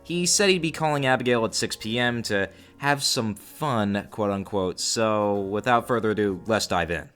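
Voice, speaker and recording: A man narrating a story to his viewers in a casual, animated way with exasperated asides. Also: fairly low pitch, moderate pace, hardly any pauses, faint music behind. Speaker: YouTube storyteller.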